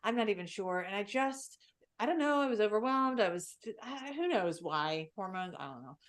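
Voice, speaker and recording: A woman's voice: mid-range voice, lively intonation, normal speed. A woman hosting a podcast, talking openly and reflectively in a casual way with lots of fillers. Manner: reflective and open, filler-heavy speech. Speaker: podcast host. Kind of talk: candid conversational podcast chat.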